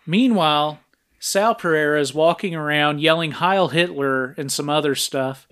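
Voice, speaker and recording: A man co-hosts a podcast, summarizing a film's plot scene by scene in an easygoing way. His voice sits a little high for a man, and he keeps stopping for filler sounds as he goes. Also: normal speed, a bit bright, clean tone. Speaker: podcast co-host. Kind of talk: casual film recap.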